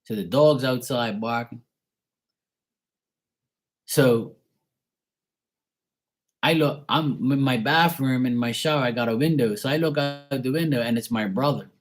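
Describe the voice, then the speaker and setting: A man's voice: medium pitch, normal speed, long pauses. A man in a rambling personal rant, swearing often and repeating himself heatedly. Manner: profane, heated and repetitive. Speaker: vlogger.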